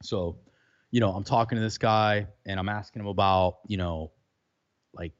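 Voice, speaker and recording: A man chats loosely about his setup, full of fillers and restarts. His voice sits a little low, and it comes through a dull, lo-fi remote connection from a room with a bit of reverb. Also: steady tone, fairly quick. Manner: loose, rambling with many fillers. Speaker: podcaster guest. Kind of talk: casual chat.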